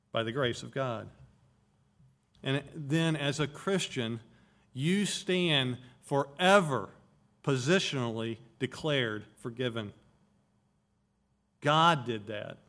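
Slow, deliberate male preacher. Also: medium pitch, fairly bright tone. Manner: deliberate teaching, stresses key words. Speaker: pastor. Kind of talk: expository sermon.

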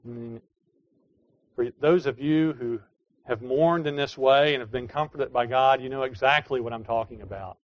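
A pastor delivers an earnest sermon, his voice at an ordinary middle pitch. He drops to soft, pleading tones and then rises to emphatic declarations. The recording sounds slightly dull and lo-fi, with a dry, close sound and no room echo. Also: normal speed.

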